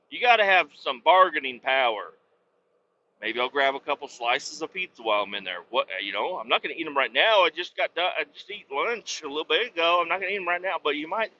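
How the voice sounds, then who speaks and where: A man's voice: a little high, animated, brisk, sharp tone, highs cut off. A man hosting a podcast from his truck cab, rambling and joking with lots of swearing in a casual monologue. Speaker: podcast host. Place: truck cab while driving.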